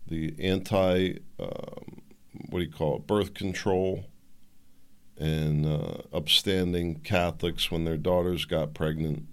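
A middle-aged man with a low voice hosts his own opinion show. He talks off the cuff, wanders between subjects, and fills gaps with fillers and restarts. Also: vocal fry, fairly bright tone. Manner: rambling, digressive, frequent fillers and restarts. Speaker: podcast host. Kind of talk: solo opinion talk show.

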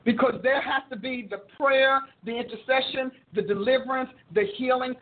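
A woman preacher and show host teaching in a sermon style, expressive and quick to laugh, acting out her prayers. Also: sits high. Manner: expressive, acts out prayers and quotes, laughs often. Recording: tinny phone-like audio.

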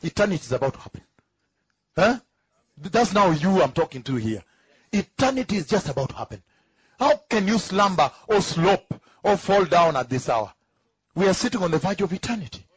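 Husky, lively emphatic male preacher. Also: high voice, dry recording, poor audio. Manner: emphatic, repeats key phrases slowly, rhetorical questions; chuckles between points. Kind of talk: teaching sermon.

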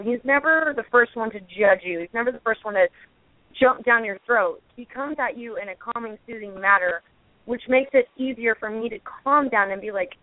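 A woman's voice: on the high side, a little fast, no room sound. A woman reality show cast member giving a candid, defensive phone-in radio interview, rambling and restarting her sentences. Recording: tinny phone line, dry.

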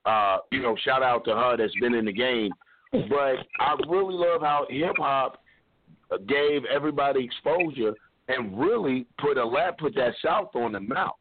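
A man in a casual discussion who talks in a relaxed way and asks questions. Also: mid-range voice, normal speed, a little hiss or hum. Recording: tinny phone-like sound, dry.

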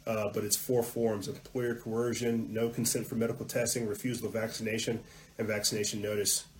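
A man hosting a political podcast, ranting heatedly, muttering asides then hitting words loudly, with some swearing. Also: fairly low pitch, little pitch movement, brisk, slight background noise, rough recording. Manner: heated, ranting, swings between muttering and loud emphasis; profane at peaks. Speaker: podcast host.

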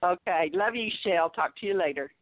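A woman calling in to a show, speaking affectionately in a halting, gentle way. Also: lowish voice, no echo. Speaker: caller. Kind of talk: phone call to a show. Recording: tinny phone line.

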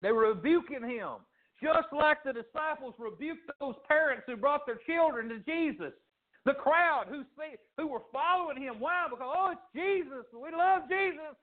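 A man with a high voice preaches a sermon, rising and falling sharply as he acts out the people in his story. The sound is thin and tinny, as if heard down a phone line. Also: lively intonation, normal speed. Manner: preaching with dramatic pitch swings, acting out quoted voices. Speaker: pastor.

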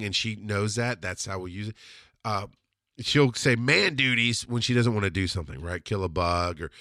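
Bright forceful guy ranting through a story, swears a lot, dry close sound. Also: on the low side, no echo. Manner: blunt and profane, heated and emphatic. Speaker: podcast host. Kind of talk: casual storytelling monologue.

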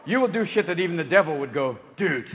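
Man, stand-up comedy, manic rapid-fire delivery, high voice, tinny phone-like sound, long hall reverb. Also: animated, background noise. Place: large live venue. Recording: tinny, echoey live hall recording.

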